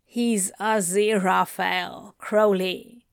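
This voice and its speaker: A woman reading aloud, voicing a wry, teasing male demon in a slightly lower, softer voice. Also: little pitch movement, slow, vocal fry, clear, resonant tone, no room sound, studio quality. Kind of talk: amateur audiobook reading.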